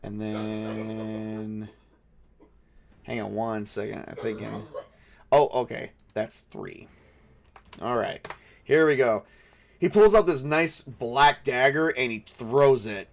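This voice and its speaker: A man's voice: fairly low pitch, slow pace, vocal fry, long pauses. A man running a tabletop game as game master, thinking aloud with many fillers and restarts.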